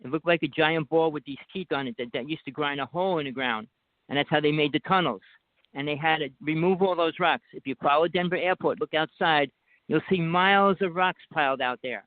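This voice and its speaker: A man's voice: fairly high pitch, brisk, no room sound. Insistent man with a Jersey accent on a phone line. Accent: New Jersey. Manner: rambling, insistent storytelling. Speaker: guest. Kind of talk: casual call-in talk.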